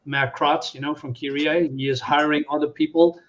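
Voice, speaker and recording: A man's voice: a little high, little pitch movement, moderate pace, fairly bright tone. A man co-hosting a live stream, agreeing easily and hesitating over his words, with lots of fillers. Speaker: streamer co-host. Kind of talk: casual live-stream chat. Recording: dull lo-fi audio.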